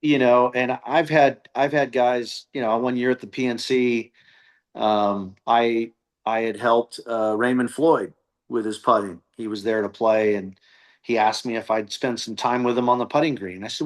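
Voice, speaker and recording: A man's voice: mid-range voice, moderate pace. A middle-aged man, a golf coach, telling stories as a podcast guest and acting out the voices of the people he quotes. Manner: animated storyteller who acts out quoted voices. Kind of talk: casual storytelling interview.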